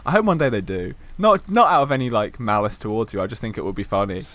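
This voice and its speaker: A man's voice: on the low side, expressive, fairly bright tone. A young man hosting a podcast, chatting casually, teasing his guest and laughing readily. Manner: playful, teasing, quick to laugh. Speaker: podcast host. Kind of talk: casual chat.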